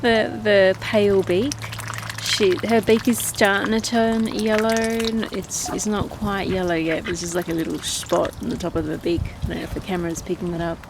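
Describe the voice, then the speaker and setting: A woman's voice: mid-range voice, fairly even intonation, normal speed. A woman chatting casually in a vlog, giggly and rambling with many fillers, talking outdoors among her ducks. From Australia. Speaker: vlogger. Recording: noisy outdoor recording with ducks. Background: loud duck quacking.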